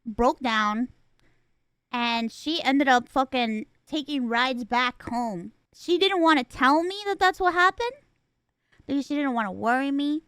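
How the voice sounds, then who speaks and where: A woman's voice: sits high, animated, unhurried, a bit bright, clean tone, no echo. A woman streamer telling a story in casual chat, emotional and rambling, swearing freely.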